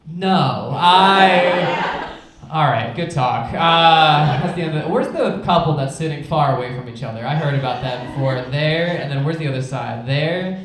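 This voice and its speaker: Young guy doing standup, kinda high voice, deadpan jokes, big echoey club room, laughs in the background. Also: normal speed, background noise. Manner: deadpan, self-mocking asides. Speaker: stand-up comedian and teacher. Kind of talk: stand-up comedy set. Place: comedy club stage with audience.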